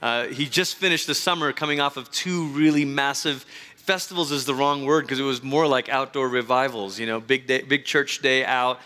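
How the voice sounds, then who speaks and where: A man's voice: mid-range voice, moderate pace, long reverb tail. A man pastor introducing a guest speaker at a church service, talking with enthusiasm and frequent fillers. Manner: warm enthusiastic praise, frequent fillers and restarts.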